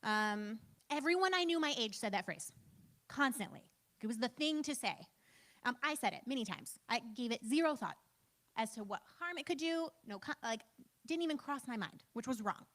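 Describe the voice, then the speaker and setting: A woman's voice: fairly high pitch, expressive, moderate pace, fairly bright tone. A woman in her thirties giving a casual church training talk, chatty and self-deprecating, with lots of "like" and "um". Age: 30s.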